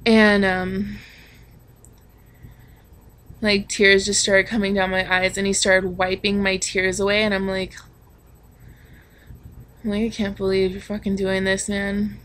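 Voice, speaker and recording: Slow-talking young woman, frank storytime. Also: medium pitch, pushed and bright. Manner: frank and confessional, swears freely, many ums and likes. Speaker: vlogger. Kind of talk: candid storytime vlog.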